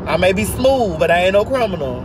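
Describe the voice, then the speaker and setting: A woman's voice: mid-range voice, animated, a little fast. A woman, ranting brashly and playfully with lots of profanity as she vlogs from her car in traffic. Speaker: vlogger. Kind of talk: casual driving vlog rant. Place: inside a car in city traffic. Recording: loud car and road noise.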